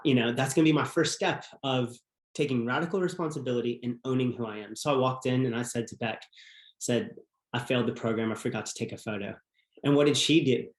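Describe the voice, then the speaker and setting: A man as a podcast guest, telling a personal story in an earnest, reflective way. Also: medium pitch. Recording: roomy echo.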